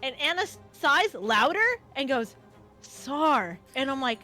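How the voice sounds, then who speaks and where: Woman, high bright voice, very lively pitch, animated storyteller, swears casually. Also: moderate pace, faint music behind. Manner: animated, swears freely, acts out quotes. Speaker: guest co-streamer.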